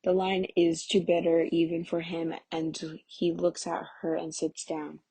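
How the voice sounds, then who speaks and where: A woman reading a stage play aloud, giving the stage directions in a plain, even way. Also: lowish voice, a little slow, few pauses, slightly rough, dry recording, low-quality recording. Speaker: audiobook reader.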